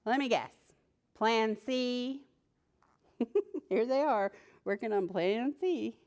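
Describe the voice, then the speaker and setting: A woman librarian reading a picture book aloud to preschoolers, playful and animated, talking to the characters and laughing often. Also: on the high side, slow. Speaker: children's librarian.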